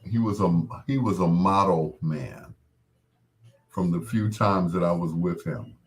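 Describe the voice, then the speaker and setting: A middle-aged man hosting a casual talk show, gently consoling a grieving listener in a meandering way with frequent restarts. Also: sits low, unhurried. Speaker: host.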